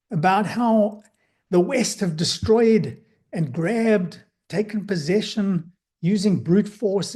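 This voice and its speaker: A man presenting a lecture as a psychologist, speaking in a measured way with frequent fillers and restarts. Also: sits high, dark tone, husky. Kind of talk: lecture talk.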